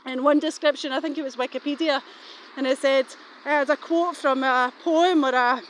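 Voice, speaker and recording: A woman's voice: high-pitched, fairly even intonation, normal speed, slight background noise. A middle-aged woman, rambling suspiciously and swearing casually while she talks walking outdoors. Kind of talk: rambling walking vlog monologue.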